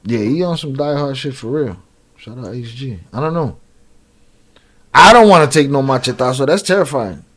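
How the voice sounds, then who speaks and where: A man's voice: mid-range voice, animated, moderate pace. A man giving casual, slangy reaction commentary on a video, joking and laughing as he talks. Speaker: reaction streamer.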